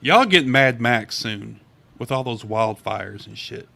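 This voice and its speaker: A man's voice: medium pitch, animated, takes it slowly, gravelly, bright, forceful tone. An American man hosting a podcast in casual chat, sarcastic and profane. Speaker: podcast host.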